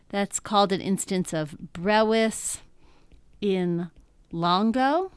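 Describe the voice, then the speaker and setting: A woman teaching a lesson in a patient, explanatory way, often pausing to check in with her listeners. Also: mid-range voice, a bit bright, clear, resonant tone, no room sound. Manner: patient, explanatory, frequent "um" and "okay?" check-ins. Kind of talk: classroom lecture.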